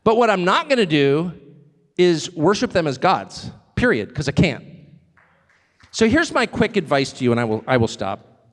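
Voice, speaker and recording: A middle-aged man giving a live public speech as a guest speaker, animated and sardonic, with mocking asides and short chuckles. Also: a little high, moderate pace. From United States. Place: large hall with a live audience. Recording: long hall reverb with crowd.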